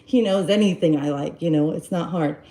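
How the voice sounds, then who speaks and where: A woman's voice: low-pitched, fairly quick, rough recording. Woman rambling through a personal story. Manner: rambling, animated retelling with quoted dialogue. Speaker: live-stream host giving relationship advice. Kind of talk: casual storytelling to viewers.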